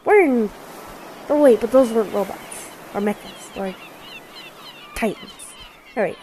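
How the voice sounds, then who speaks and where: A woman giving casual let's play commentary, reacting out loud with exclamations and laughs. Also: on the high side, a little slow, a little hiss or hum, rough recording. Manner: expressive, exclaims and laughs at the game.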